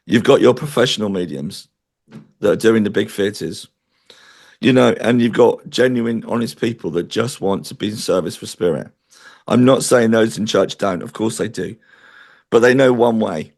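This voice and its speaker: A man's voice: lowish voice, creaky, a little mellow. A man interviewed as a spiritual medium, talking in an earnest, chatty way and telling stories. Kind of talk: interview conversation.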